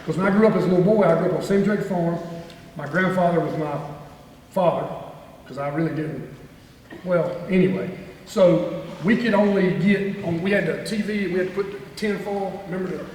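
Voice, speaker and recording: A man's voice: high-pitched, brisk, a little mellow. A middle-aged man, a former head coach giving a rambling, folksy motivational talk at a club meeting. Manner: folksy storytelling, rambling with restarts. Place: banquet room. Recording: echoey hall, distant mic, faint noise.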